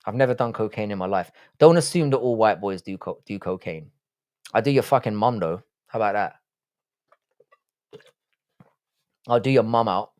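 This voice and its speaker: A man's voice: lowish voice, animated, normal speed, long pauses, a little mellow. A man hosting a casual live stream, reading chat aloud and answering in a blunt, profane way.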